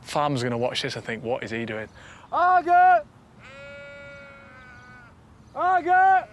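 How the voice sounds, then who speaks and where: A man in his thirties with an Oldham accent, chatting excitedly on camera outdoors on a farm and laughing often, with music underneath. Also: mid-range voice, fast talker, slight background noise. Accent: Oldham, northern English. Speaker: first-time farmer, presenter. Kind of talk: casual on-camera chat. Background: background music.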